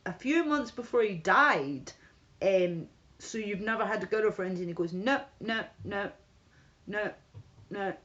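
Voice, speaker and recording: A woman's voice: mid-range voice, fairly bright tone. Woman livestreaming, lo-fi audio. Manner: rambling, frequent restarts and asides to chat. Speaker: livestream host. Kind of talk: casual livestream chat with viewers. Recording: dull lo-fi stream audio.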